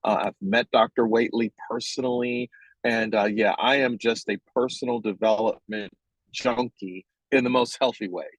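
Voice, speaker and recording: A man's voice: mid-range voice, fairly even intonation, normal speed, no echo, rough recording. A man with a mid-range voice answers as an interview guest. He talks casually and keeps affirming the host. His voice is recorded close and dry. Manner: agreeable, gives frequent affirming yeses.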